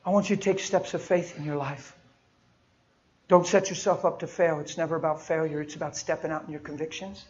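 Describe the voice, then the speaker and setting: A man's voice: on the high side, fairly even intonation, fairly quick. A male preacher giving a sermon in a folksy storytelling way, acting out everyday conversations. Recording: dull lo-fi recording.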